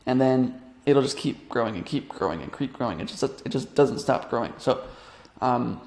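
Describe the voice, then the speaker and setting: A young male coach talks through an online tutorial in a loose, rambling way, full of fillers and restarts. His voice has a gravelly edge, and the room gives it a noticeable echo. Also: mid-range voice, expressive, normal speed, a little mellow. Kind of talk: casual screen-share tutorial.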